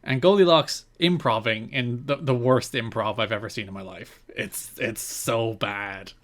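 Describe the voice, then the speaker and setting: A man co-hosting a casual podcast, walking through a story with dry, deadpan asides. His voice sits in an ordinary middle pitch. He keeps an easy conversational tone. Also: measured pace. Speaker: podcast co-host.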